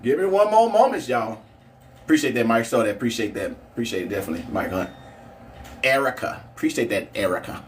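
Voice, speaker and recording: A man's voice: medium pitch, expressive, brisk, slight background noise. St. Louis man, live-stream host, calls races with hype, recorded from a distance outdoors. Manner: chatty, hypes up races, shouts out viewers. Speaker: livestream host. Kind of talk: casual live commentary. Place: outdoors at a drag strip.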